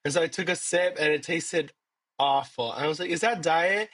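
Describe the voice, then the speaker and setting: A man co-hosting a podcast, slightly hoarse, telling rambling stories in casual chat with lots of fillers. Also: fairly high pitch, brisk, a bit bright, no room sound. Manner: laid-back, rambling storytelling with many fillers. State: a little hoarse. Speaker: podcast co-host.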